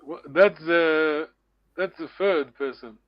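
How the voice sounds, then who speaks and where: A man's voice: fairly high pitch, slow pace, no room sound, highs cut off. A man teaching a language class online, encouraging students and repeating words often.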